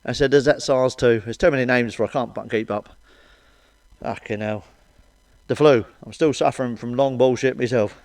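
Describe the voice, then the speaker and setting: A man's voice: mid-range voice, moderate pace, darkish tone, dry recording. A man doing a blunt, foul-mouthed stand-up monologue of grumbling rants. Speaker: stand-up comedian.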